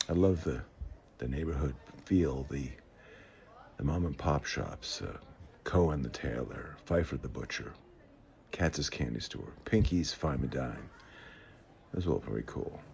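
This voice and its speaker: A man, telling stories from his life in an unhurried, conversational way with frequent hesitations and restarts. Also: very deep voice, creaky, darkish tone, slight background noise. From the Bronx, New York. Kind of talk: reflective personal storytelling. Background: faint guitar music.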